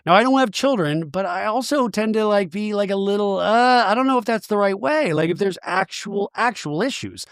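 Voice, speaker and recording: A man's voice: high-pitched, expressive, moderate pace, hardly any pauses, no echo, clean studio sound. A man hosting a podcast, casually recapping a reality show episode in a chatty, self-deprecating way. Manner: chatty and self-deprecating, quotes cast members in their own voice.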